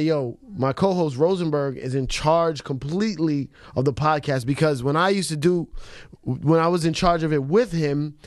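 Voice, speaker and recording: Slightly high-voiced male radio co-host. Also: dry recording, clean studio sound. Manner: casual and profane, full of quick agreements. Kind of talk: casual radio interview chat. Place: radio studio.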